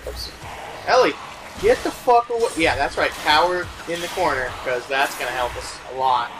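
A man's voice: fairly high pitch, moderate pace, background noise. A man doing casual, sarcastic video game commentary, swearing freely. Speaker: let's play commentator.

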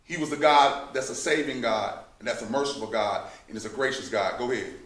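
A man's voice: medium pitch, brisk, fairly bright tone. A man preaching a sermon, who builds to emphatic outbursts and addresses the listeners as saints. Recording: echoey room, mic at a distance.

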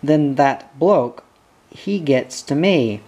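A frightened man from the outback pleads his innocence in broken, halting English, as a reader puts him on. His speech comes slowly, full of restarts and repeated words. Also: mid-range voice, animated, dark tone, husky, heavily acted. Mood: pleading. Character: frightened male outback stockman accused of murder.

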